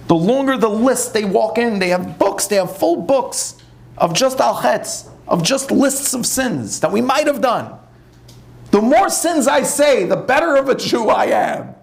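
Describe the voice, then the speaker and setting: Animated preaching rabbi with a gravelly voice. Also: male voice, sits high. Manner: animated, conversational preaching with acted-out asides. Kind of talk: sermon to a live audience.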